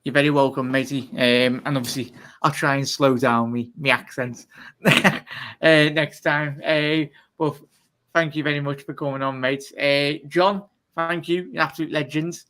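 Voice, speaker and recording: Man, fan show host, bright voice, chatty quick shout-outs. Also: on the high side, steady tone. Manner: fast, chatty, repeats thanks and shout-outs. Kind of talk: live stream sign-off chat.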